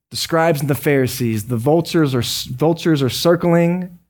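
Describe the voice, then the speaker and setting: A man preaching a sermon as a pastor, conversational and joking with quick asides. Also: fairly high pitch, a little mellow.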